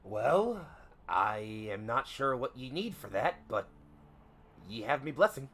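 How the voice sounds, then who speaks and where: A man doing a loud, hearty pirate-style ship captain. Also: mid-range voice, sing-song, slow pace, slight background noise, heavily acted.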